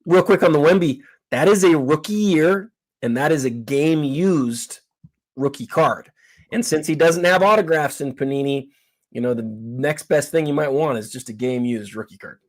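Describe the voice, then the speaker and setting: A man's voice: on the high side, normal speed. A man appearing as a guest collector, chatting about sports cards with frequent fillers and restarts. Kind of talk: casual expert commentary.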